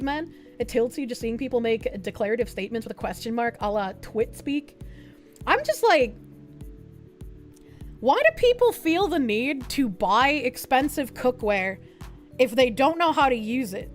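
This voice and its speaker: A woman streamer giving casual reaction commentary, sarcastic and profane, with quick asides. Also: on the high side, animated, soft background music.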